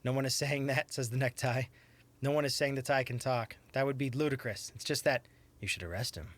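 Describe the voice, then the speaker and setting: A man's voice: medium pitch, a little fast, lightly acted. A man voicing a sly male talking necktie in a detective game, speaking in an insinuating way.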